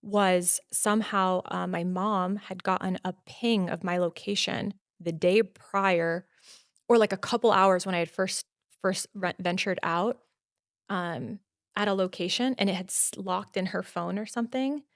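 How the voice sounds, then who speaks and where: A woman guest on a podcast telling a personal story in casual talk, animated and full of "like" fillers. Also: mid-range voice, unhurried, no echo, studio quality. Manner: animated, acts out quotes, many "like" fillers.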